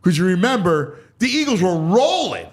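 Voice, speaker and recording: A man hosting a sports talk show, telling stories in an excitable way, his voice climbing high when he gets worked up. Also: normal speed. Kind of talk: animated podcast chat.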